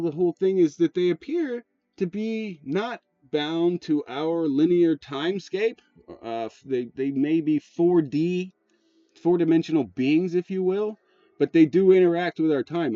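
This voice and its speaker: A man's voice: fairly high pitch, warm tone, no room sound. Rambling, profane man on lo-fi audio. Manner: rambling, profane, with frequent fillers and restarts. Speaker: channel host. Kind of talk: casual rambling commentary. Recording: dull lo-fi sound, dry, faint music.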